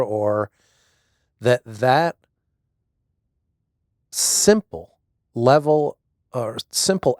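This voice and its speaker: A man's voice: medium pitch, a little mellow, no echo, studio quality. A middle-aged man reflecting thoughtfully and hesitantly in a casual conversation, often restarting his sentences. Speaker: guest, husband.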